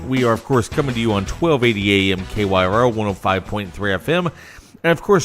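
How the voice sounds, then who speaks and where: A man's voice: medium pitch, a bit bright. A man hosting a casual political talk radio show, brash and opinionated, with sarcastic asides.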